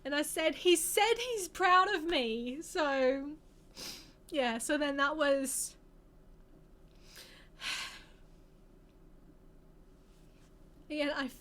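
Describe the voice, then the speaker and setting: A woman's voice: sits high, fairly bright tone, slight background noise. An Australian woman in her twenties telling a personal story to camera, candid and rambling, often restarting her sentences. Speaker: vlogger.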